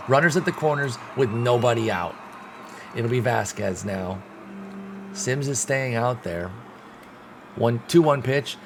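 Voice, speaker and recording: A young man with a fairly low voice narrates his baseball sim game like a play-by-play announcer. He lurches between sulky, muttered frustration and loud excited outbursts, swearing along the way. A steady wash of background noise sits under his voice. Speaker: gaming streamer.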